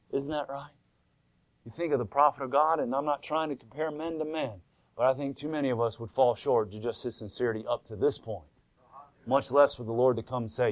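A man preaching a sermon, fervent and swinging from loud to hushed. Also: medium pitch, a little fast, no echo. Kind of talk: sermon retelling a vision.

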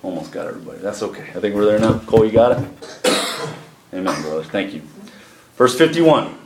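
A man preaching a sermon to a congregation, reading scripture slowly and leading prayer, with pauses for emphasis. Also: lowish voice, big pitch swings. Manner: slows and lifts his voice for emphasis, responsive to the congregation. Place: church sanctuary with congregation. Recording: echoey church room, faint noise.

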